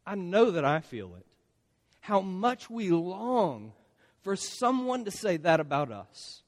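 A man's voice: high-pitched, big pitch swings, takes it slowly, big-room sound. A man preaching a sermon in a conversational way, often checking in with his listeners by asking "right?". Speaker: pastor.

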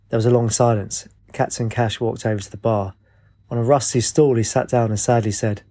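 A man narrating a storybook in a plain, even manner. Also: mid-range voice, a little fast. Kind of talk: storybook reading.

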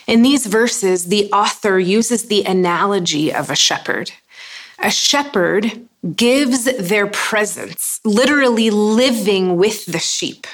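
A woman preaches at an unhurried pace, letting each line settle before moving on. Her delivery is earnest and measured, with a voice of middling pitch. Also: lively intonation. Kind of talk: sermon.

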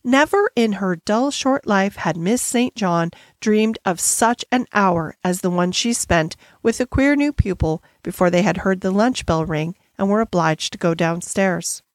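A woman narrating a classic novel as an audiobook reader, with measured, expressive storytelling. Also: mid-range voice, dry recording, clean studio sound. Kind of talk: reading a classic novel aloud.

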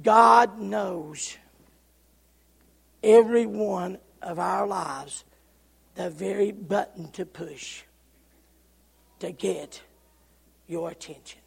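A high-pitched male preacher with a gravelly, husky edge, delivering a sermon at an unhurried pace. He builds through repeated, cadenced lines and swings between shouting and near-whispers. His voice carries a long reverb, as if filling a large hall.

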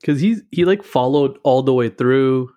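A man's voice: medium pitch, expressive, moderate pace, dark tone, no room sound. Easygoing man hosting a chat podcast. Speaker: podcast host. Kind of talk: casual chat.

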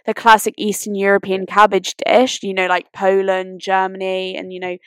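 A woman's voice: medium pitch, monotone, moderate pace, clean tone, no echo. A woman co-hosting a podcast, chatting casually and enthusiastically with lots of "you know". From Britain. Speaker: podcast co-host. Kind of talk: casual chat.

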